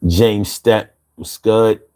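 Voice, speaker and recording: A man's voice: on the low side, steady tone, extremely slow, darkish tone, clean tone. A man in his fifties from Philadelphia with a Philly accent, hosting a laid-back live chat, reading out comments and laughing often. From Philadelphia, USA. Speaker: livestream host.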